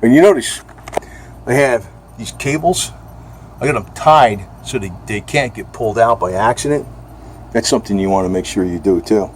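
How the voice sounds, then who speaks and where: A man's voice: on the low side, moderate pace, a little hiss or hum. A man talking casually and bluntly in a rambling home video, now and then speaking to his cat. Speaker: vlogger.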